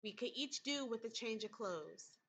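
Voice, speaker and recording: A woman voicing a watchful female companion in a story game, speaking flatly and matter-of-factly. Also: fairly high pitch, normal speed, slight background noise. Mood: cool.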